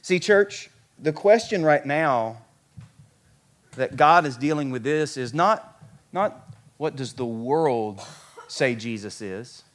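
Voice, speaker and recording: A pastor preaching a sermon to his church, animated, acting out the voices of biblical figures and dropping soft and slow for emphasis. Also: medium pitch. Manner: animated, acts out biblical characters' lines.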